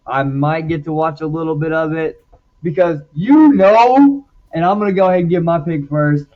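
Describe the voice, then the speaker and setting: A man's voice: a little high, moderate pace, highs cut off. A man co-hosting a casual sports chat show, talking animatedly about his game picks. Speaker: podcast co-host.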